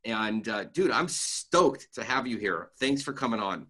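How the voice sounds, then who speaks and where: A man's voice: on the low side, animated, measured pace, bright, forceful tone, slightly rough. A man hosting a podcast, introducing his guest in an enthusiastic, chatty way. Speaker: podcast host. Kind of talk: casual interview.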